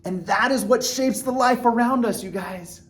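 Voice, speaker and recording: A man talking earnestly to his viewers in a casual motivational vlog, animated and full of restarts and fillers. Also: very high-pitched, normal speed. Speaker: vlogger. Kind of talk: casual motivational talk to camera.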